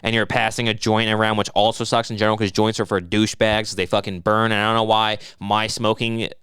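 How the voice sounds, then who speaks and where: A man's voice: fairly low pitch, level tone, fast, fairly bright tone, smooth, dry recording. Young male podcast co-host, very clean resonant tone, dead-dry sound, rambling, profane delivery. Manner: rambling, profane, drifts into mock voices. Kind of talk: casual podcast banter.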